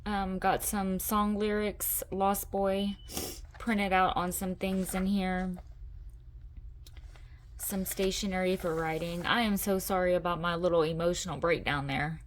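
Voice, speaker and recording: A woman's voice: lowish voice, fairly even intonation, measured pace, slight background noise. Chatty, enthusiastic middle-aged woman vlogger. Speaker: craft channel host. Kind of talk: casual show-and-tell vlog.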